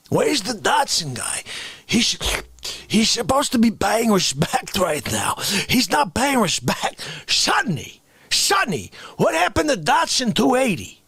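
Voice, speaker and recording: A man's voice: very high-pitched, vocal fry, husky, no room sound, voice pushed up, heavily acted. A man doing a shrieking outraged ranter. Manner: shouts outraged questions, drops to hissed whispers. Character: indignant loudmouth man scolding chat viewers. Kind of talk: improvised comic rant.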